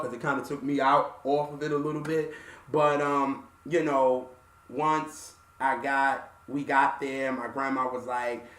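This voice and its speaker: A man hosting a music show, telling an emotional personal story in a halting, soft-spoken way with many fillers. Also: mid-range voice, echoey room, distant mic.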